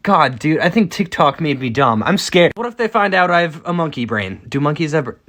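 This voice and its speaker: A man in his twenties giving a casual, self-deprecating comedic monologue as a TikTok creator, rambling with quick asides. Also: a little high, sing-song, a bit bright. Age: 20s.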